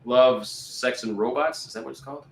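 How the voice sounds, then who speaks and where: A man's voice: medium pitch, normal speed, creaky, slight background noise. A male guest chatting casually and eagerly recommending shows. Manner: enthusiastic, recommends things eagerly. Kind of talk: casual chat. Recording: echoey room.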